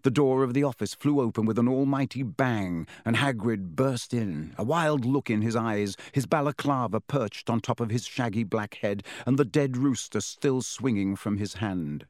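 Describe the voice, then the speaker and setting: A man's voice: mid-range voice, moderate pace, hardly any pauses, no room sound. Man reading an audiobook, dry and close. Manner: steady, expressive storytelling. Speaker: audiobook narrator. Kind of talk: scripted narration.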